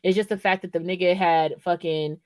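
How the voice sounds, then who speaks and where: A woman's voice: lowish voice, fairly even intonation, a little fast, a little mellow, dry recording. A woman co-hosting a podcast in casual, profane chat, rambling and often checking in with "right?". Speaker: podcast co-host.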